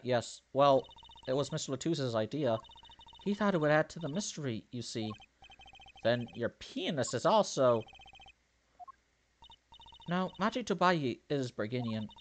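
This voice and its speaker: Lively man reading game dialogue aloud. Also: mid-range voice, a little hiss or hum. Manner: reads character lines in his own voice, jokes and theorizes between them. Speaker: let's play commentator.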